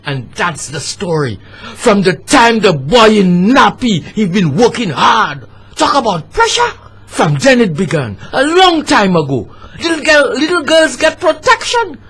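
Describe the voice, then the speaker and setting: A man with a St. Lucian accent performing a spoken-word poem, rhythmic and dramatic, swelling into shouts. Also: high voice, slightly rough. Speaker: storyteller and poet.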